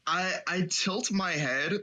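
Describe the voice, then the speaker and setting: A man's voice: sits high, slow pace, pushed and bright. A man playing in a tabletop game, joking around playfully. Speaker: player. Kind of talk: tabletop game role-play.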